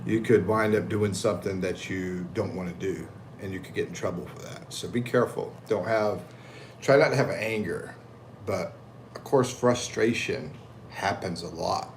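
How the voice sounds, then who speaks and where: A man's voice: sits low, normal speed, slight background noise. Laid-back American man chatting on a livestream. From United States. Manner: laid-back, chuckling, reads comments aloud with animated voices. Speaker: livestream host reading chat. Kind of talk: casual livestream chat. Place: at home in the Philippines.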